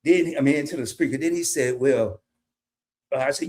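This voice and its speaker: A man's voice: mid-range voice, moderate pace, a little mellow. A man, telling a casual story on his live stream and greeting chatters by name.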